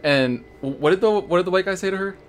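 A man co-hosting a podcast, eagerly adding to a story with halting fillers. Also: sits high. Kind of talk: casual storytelling.

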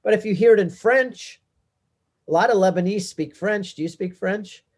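Man, talk show guest, animated storyteller, slightly high, warm mellow tone. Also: normal speed. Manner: animated storytelling, rising pitch when stressing points. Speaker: Catholic speaker and pilgrimage guide.

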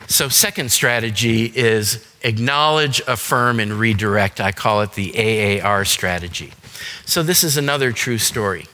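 Male seminar speaker, bright clear tone, conversational teaching, reverberant church hall. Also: lowish voice, normal speed. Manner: conversational, explanatory, with frequent "um" and "you know". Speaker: seminar speaker on dementia caregiving.

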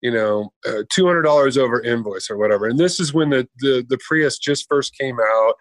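A man's voice: mid-range voice, a little fast, no echo. A man telling a long anecdote in casual chat, rambling and conversational.

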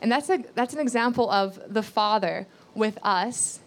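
Woman, sermon teaching, scripture reading, earnest, repeats phrases, rhetorical questions, slightly high voice. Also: moderate pace. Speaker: Bible teacher.

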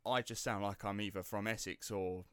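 Low-voiced man with an Estuary accent. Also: moderate pace, clean tone, no room sound, clean studio sound. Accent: Estuary English. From England. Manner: animated storyteller, swears freely. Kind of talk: casual chat.

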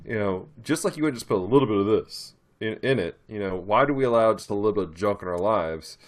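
A man's voice: on the low side, lively intonation, fast talker. A man hosting a casual faith podcast, telling stories animatedly and laughing often. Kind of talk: casual chat, telling a church story.

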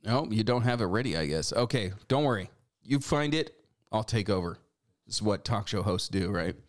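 A man's voice: lowish voice, animated, moderate pace. A man in his forties hosting a talk show, giving sarcastic, scolding commentary. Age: 40s. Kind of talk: opinion commentary.

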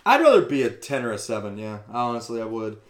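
A male podcast host talking through the week's sports in a loose, offhand way, with quick asides and the odd curse. His pitch sits in an ordinary male range. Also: very animated. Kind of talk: casual sports podcast chat.

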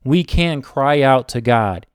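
A man preaching a Bible sermon, slow and emphatic, repeating short phrases. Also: medium pitch, lively intonation, clear, resonant tone, no room sound, studio quality.

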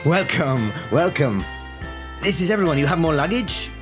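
A British man voicing an eager, energetic young driver. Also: on the high side, normal speed, faint music behind, voice pushed up.

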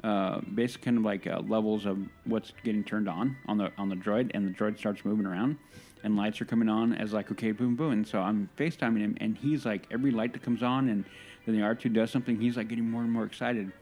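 A man's voice: on the low side, steady tone, quick pace, a little mellow, soft background music. A man co-hosting a podcast, telling a long, enthusiastic, rambling story in casual chat. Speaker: podcast co-host.

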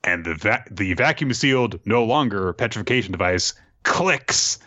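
A man's voice: fairly low pitch, expressive, normal speed, pushed and bright. A young man hosting a casual podcast, recapping a story loosely with swearing and fillers. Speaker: podcast host. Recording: slightly dull, dry sound.

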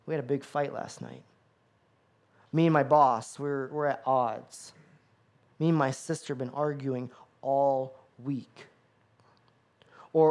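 A man's voice: a little high, darkish tone. A man preaching a sermon with an emphatic, repetitive cadence. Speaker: pastor.

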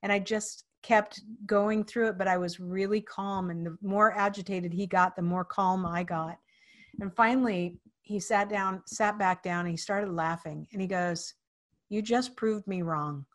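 A woman hosting a casual interview show, telling stories with lots of energy. She acts out the people in her stories and often restarts her sentences with fillers. Her voice sits at a middle pitch. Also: moderate pace. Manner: animated storyteller, acts out quoted voices. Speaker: podcast host.

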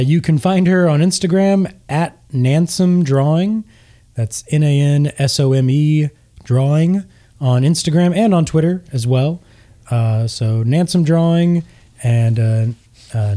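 A man narrating a tabletop game as game master, in a relaxed, hesitant way. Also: fairly high pitch, a little slow.

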